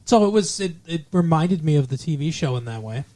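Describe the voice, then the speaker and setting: A man's voice: fairly high pitch, lively intonation, a little fast, mellow. A man co-hosting a casual movie review podcast, rambling and joking, often breaking into mock impressions. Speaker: podcast co-host.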